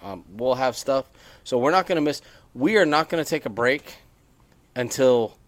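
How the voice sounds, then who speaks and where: A man's voice: mid-range voice, expressive, normal speed, no echo. A man co-hosts a laid-back podcast, talking in a chatty, rambling way and restarting his sentences often. His voice is recorded close and dry, with no room sound around it. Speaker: podcast co-host. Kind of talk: casual podcast chat. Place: on a porch.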